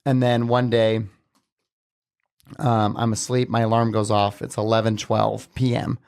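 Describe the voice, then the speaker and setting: A man's voice: fairly low pitch, little pitch movement, measured pace, darkish tone, clean tone. A man talking as a podcast guest, telling a personal story casually and earnestly, with many filler words. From Southern Utah, USA.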